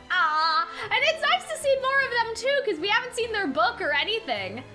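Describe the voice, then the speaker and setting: Casual woman streamer, very high, animated voice. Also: normal speed, few pauses, over music. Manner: chatty, giggly, thinking aloud. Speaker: streamer reacting to a game. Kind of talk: casual reaction commentary.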